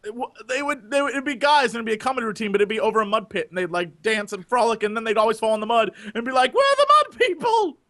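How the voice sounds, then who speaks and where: A man's voice: sits high, rapid-fire, hardly any pauses. A man co-hosting a podcast, joking playfully in casual chat. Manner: playful, jokey, animated. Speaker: podcast co-host.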